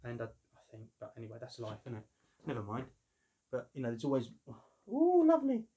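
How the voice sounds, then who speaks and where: A man's voice: medium pitch, level tone, fast talker, darkish tone. Rambling man of about fifty. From London, England. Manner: rambling storyteller, jokey, doing voices. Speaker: collector reviewing a figure. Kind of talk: casual chatty unboxing.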